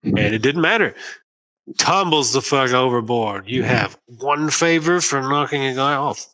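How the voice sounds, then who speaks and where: A man's voice: mid-range voice, animated, measured pace, sharp tone, poor audio. A man narrating as game master of a tabletop game, loose and joking, swearing freely.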